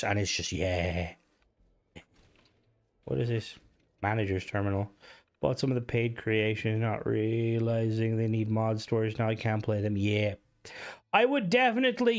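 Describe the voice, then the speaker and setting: A man streaming a video game live, chatting casually with viewers, swearing freely and reacting aloud to what happens on screen. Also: mid-range voice. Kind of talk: casual live gameplay commentary.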